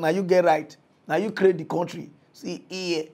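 Mock news host, man, Nigerian Pidgin accent, slightly high voice, chatty, flares into shouting. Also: fairly quick. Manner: chatty, pleading, bursts into animated shouting. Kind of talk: comic mock news commentary.

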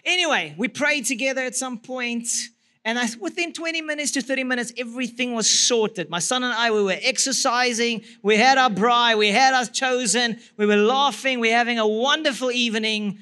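South African man speaking at a church marriage seminar, very high bright voice, lively and laughing. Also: moderate pace. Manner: lively, laughs through his story. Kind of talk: storytelling church talk.

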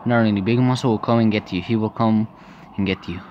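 A man's voice: medium pitch, steady tone, fast talker, highs cut off, a little hiss or hum, lightly acted. A man voicing a monster posing as a girl's dead mother, coaxing sweetly and then threatening, in a game playthrough. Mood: creepy coaxing. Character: false mother monster, cooing then menacing.

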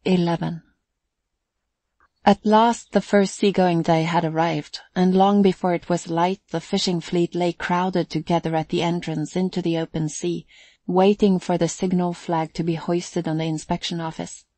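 A man narrating an audiobook, reading briskly and raising his voice for characters' lines. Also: sits high, flat delivery, no echo. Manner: reads at a brisk pace, gives characters louder lines. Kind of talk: scripted narration.

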